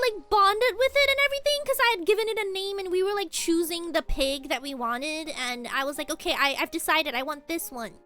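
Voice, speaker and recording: A young woman streams a game and rambles on in a very high, bright voice. She talks casually and animatedly, breaking into squeals and laughs. Faint game music plays softly underneath. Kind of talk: casual gaming stream chat.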